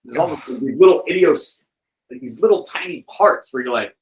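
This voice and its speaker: A man guest on a podcast, telling stories in a rambling, animated way with many "like"s and "you know"s. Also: mid-range voice, a little fast, low-quality recording. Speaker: guest, film director and author. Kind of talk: casual podcast interview.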